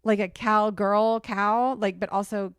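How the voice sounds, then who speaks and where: A woman's voice: medium pitch, fairly even intonation, measured pace, clear, resonant tone, no room sound, clean studio sound. A woman co-hosting a podcast, telling a rambling story in casual chat, with lots of "like". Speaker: podcast co-host.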